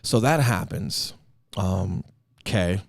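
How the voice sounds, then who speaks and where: A young man hosting a podcast, telling a personal story in casual chat and acting out the quotes of others with a put-on high voice. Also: expressive, extremely slow, creaky, no echo, clean studio sound. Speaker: podcast host.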